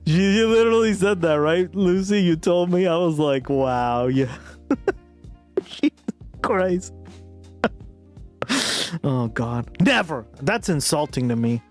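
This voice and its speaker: A man's voice: on the high side, lively intonation, slow, pauses often, darkish tone, soft background music. A man hosting a live stream in casual chat, laughing often and swearing as he riffs. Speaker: streamer host.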